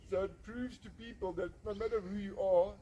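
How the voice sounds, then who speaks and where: A man's voice: high voice, fairly even intonation, fairly quick, crowd noise, rough recording. A man giving an earnest, emphatic personal testimony as the founder of a rehab centre. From South Africa. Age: 40s. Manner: earnest, emphatic, repeats phrases for effect.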